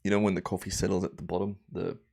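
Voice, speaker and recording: Male streamer, young, easygoing rambling chat, lowish voice. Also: fast talker, vocal fry. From Australia. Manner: relaxed, rambling, chatty with viewers. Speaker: livestream host. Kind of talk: casual livestream chat.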